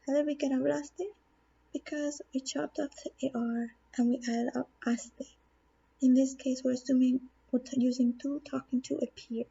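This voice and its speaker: A woman teacher explains grammar in a patient classroom-video manner, posing questions and then answering them. Her voice is husky and gravelly with a dark, mellow tone. The recording is somewhat dull and lo-fi. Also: sits high, steady tone, normal speed. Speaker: Spanish teacher.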